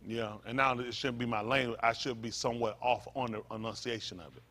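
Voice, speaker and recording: A pastor, preaching a sermon in a repetitive, emphatic manner that rises to loud peaks. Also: male voice, mid-range voice, steady tone, brisk.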